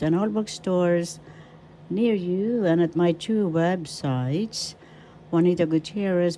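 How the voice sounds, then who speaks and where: A woman teacher from the Philippines, giving a formal, deliberate language lesson and breaking words into syllables. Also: low-pitched, mellow, slight background noise, poor audio. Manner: deliberate, spells out syllables one by one; formal, repeats her credentials. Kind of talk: slow spoken language lesson.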